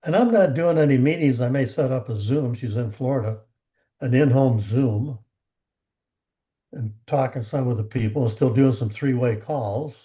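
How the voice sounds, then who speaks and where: A man giving a motivational coaching talk on a team call, animated, acting out the conversations he retells. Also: mid-range voice, moderate pace, dull audio. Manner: animated storyteller who acts out quoted conversations.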